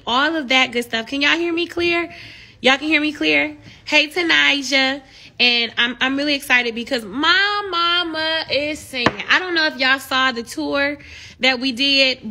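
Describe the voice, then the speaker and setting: A bright, high-voiced young woman chats casually on a live stream. She often slips into animated, encouraging preaching, with a forceful edge to her tone. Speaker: livestream host.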